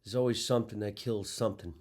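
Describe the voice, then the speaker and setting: Low-voiced man hosting a live show. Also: steady tone, fast talker, a little mellow. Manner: loose, chatty questions with fillers. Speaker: host. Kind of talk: casual live-show interview.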